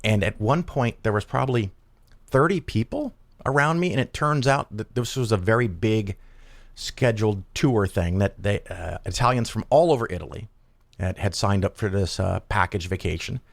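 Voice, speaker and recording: Gravelly low-voiced Midwestern man. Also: normal speed, no room sound. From Chicago area, United States. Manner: rambling, with many fillers and restarts. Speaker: podcast host. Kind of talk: casual chat.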